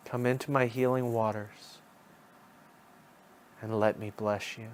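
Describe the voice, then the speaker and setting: A man voicing a gentle, loving, motherly earth goddess who softly beckons the listener, speaking evenly without much rise and fall. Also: lowish voice, little pitch movement, slow, slight background noise. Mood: tender. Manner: soft, tender, beckoning.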